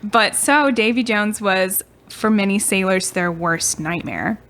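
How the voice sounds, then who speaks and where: A young woman co-hosting a podcast, sharing lore in a loose, giggly way. Her voice sits at an ordinary mid pitch, and her sentences wander and trail off. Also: measured pace, fairly bright tone, slight background noise. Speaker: podcast co-host. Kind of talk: casual storytelling chat.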